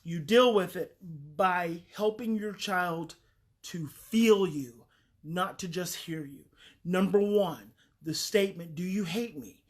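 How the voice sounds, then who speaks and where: A woman's voice: fairly low pitch, slow, breathy edge. A woman talking earnestly and emphatically as a parenting advice host, repeating key phrases for weight.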